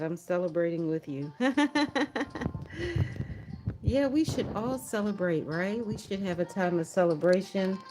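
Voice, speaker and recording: A woman's voice: on the low side, mellow. A woman hosting a livestream prayer watch, chatting casually, laughing often and reading viewer comments aloud.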